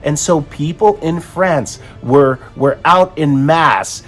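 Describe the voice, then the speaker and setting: A man's voice: on the high side, takes it slowly, few pauses, faint music behind. A man hosting an opinion commentary, talking emphatically with frequent restarts. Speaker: host.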